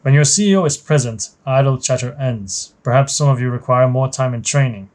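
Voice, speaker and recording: Brief: commanding female captain, firm clipped orders, game story, voiced by a man with a mellow voice. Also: medium pitch, fairly quick, close to an everyday voice. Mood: stern. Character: stern woman military captain, commanding.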